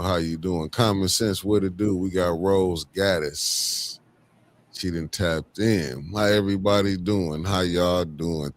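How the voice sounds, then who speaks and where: A deep-voiced man hosts a casual livestream, chatting in loose slang and greeting viewers individually by name. His tone stays low and easygoing throughout.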